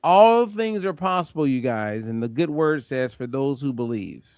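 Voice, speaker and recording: A man hosting a group call, telling an animated story and acting out the voices of people in it. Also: medium pitch, moderate pace, clean tone, no echo, studio quality. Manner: animated, acts out voices in anecdotes. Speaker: host. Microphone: call audio.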